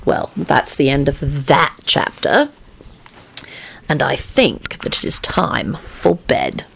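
A man reading a bedtime story aloud to his children in a gentle, unhurried way. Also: fairly high pitch, sing-song, vocal fry, breathy edge.

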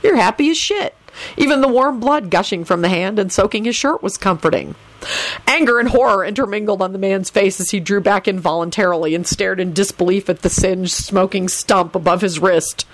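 A woman reading a story aloud as narrator, animated and switching into character voices. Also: medium pitch, brisk, no room sound. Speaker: audiobook narrator.

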